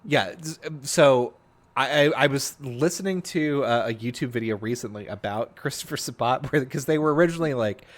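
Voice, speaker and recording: A man co-hosting a podcast in casual, animated chat, swearing freely and dropping quick impressions. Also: mid-range voice. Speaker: podcast co-host.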